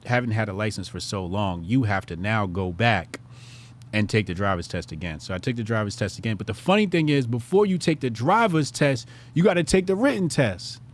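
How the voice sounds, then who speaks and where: Animated, profane man telling a story. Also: lowish voice. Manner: animated, profane, jumps into loud excited bursts. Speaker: show host. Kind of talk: casual storytelling monologue.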